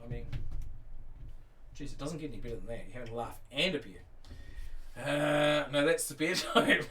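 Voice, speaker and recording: A man's voice: mid-range voice, moderate pace, bright, forceful tone. A middle-aged man with a New Zealand accent, hosting a casual livestream and chatting to viewers in a rambling, teasing way full of fillers. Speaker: livestream host. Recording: distant mic with faint noise.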